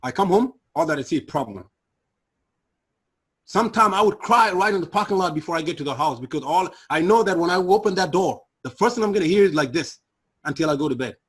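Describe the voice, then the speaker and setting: Speaking quickly in a slightly rough voice, a man shares his personal testimony as a guest. He's earnest and emotional, dropping low and quiet when recalling hard memories.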